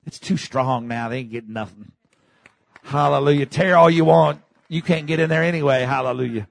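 A man preaching a sermon, dropping to low murmurs and rising to shouted peaks, leading the congregation in call and response. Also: fairly quick, gravelly, dry recording. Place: church.

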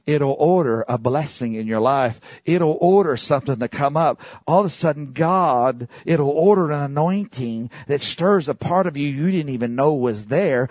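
Husky, animated male preacher. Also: moderate pace, few pauses, no room sound. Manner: animated, rising to high excited exclamations. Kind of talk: sermon.

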